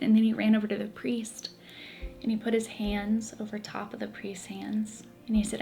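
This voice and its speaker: A woman sharing a heartfelt personal testimony in an earnest, emotional way. She repeats phrases as the story builds. Soft music plays faintly behind her. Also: mid-range voice, level tone, fairly quick, vocal fry. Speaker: Catholic convert telling her story.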